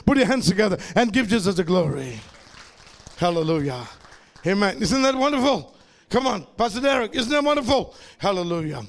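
High-pitched man preaching with shouts. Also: big pitch swings, a little fast, gravelly. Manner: impassioned preaching that swings into shouting; repeats phrases and calls out to the congregation. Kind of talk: sermon.

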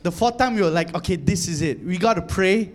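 A man from Malaysia preaching a sermon, telling an animated story with many repeated phrases that builds to fervent exclamations. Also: high voice, fairly quick. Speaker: pastor.

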